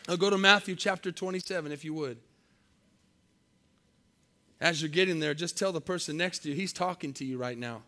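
A man with a high, bright voice preaches to his congregation. He keeps calling for amens and pushes his voice up to emphatic peaks before dropping back to a quieter tone. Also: fairly quick, pauses often. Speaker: pastor. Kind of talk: sermon. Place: church service.

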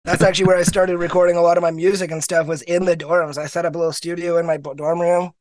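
Young Canadian man, high voice, dry close sound; guest who tells animated, acted-out anecdotes. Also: fast talker, no room sound. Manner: animated storyteller, acts out quoted people. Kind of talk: casual interview chat.

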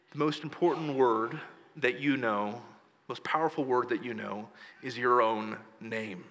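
A male pastor preaching a sermon, retelling scripture scenes in a hushed storytelling voice. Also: medium pitch. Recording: long hall reverb.

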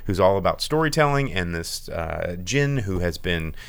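A low, smooth-voiced man talks through a film review in a loose, chatty way. He stumbles over restarts and fillers, then swings his pitch way up when he gets worked up. The sound is close and dry. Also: moderate pace, dry recording. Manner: animated, swooping pitch, many fillers and restarts. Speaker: film review podcast host. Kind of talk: casual film review chat.

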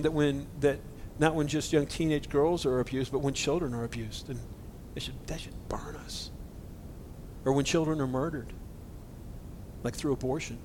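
High-voiced earnest male preacher. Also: darkish tone, slight background noise. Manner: earnest, indignant, talks to listeners directly. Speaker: pastor. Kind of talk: conversational sermon.

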